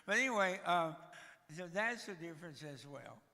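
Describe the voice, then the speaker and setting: A man's voice: high voice, sing-song, moderate pace, vocal fry, pushed and bright. A man, breathing heavily as he tells humorous, self-deprecating stories from his life to a church. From Tennessee, USA. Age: 60s. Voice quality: heavy, audible breathing. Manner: self-deprecating, joking storyteller. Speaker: guest speaker. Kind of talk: humorous personal testimony. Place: church sanctuary. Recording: reverberant church hall.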